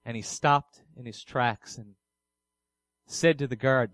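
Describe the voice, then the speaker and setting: A man's voice: medium pitch, slow, long pauses, a bit bright, no room sound, low-quality recording. A man preaching a sermon earnestly, posing questions and answering them himself.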